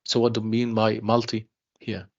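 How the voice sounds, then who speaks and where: Over dull, lo-fi online class audio, an Arabic-speaking university English tutor lectures with a gravelly, fairly low, monotone voice. Slow and patient, he goes over points repeatedly, calls his class "dear students," and slips into Arabic to explain things.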